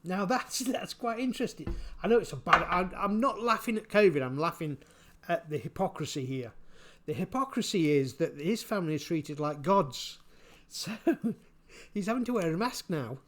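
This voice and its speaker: Halting man, fairly high voice. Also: lively intonation, fairly bright tone. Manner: halting, repeats words, chuckles often. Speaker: vlogger. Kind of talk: casual spoken commentary.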